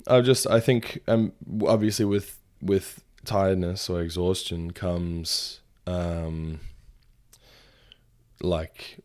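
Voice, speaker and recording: A man's voice: sits low, level tone, slow pace, a little mellow. A young man talking casually in a solo audio journal, rambling and swearing freely. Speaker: podcast host.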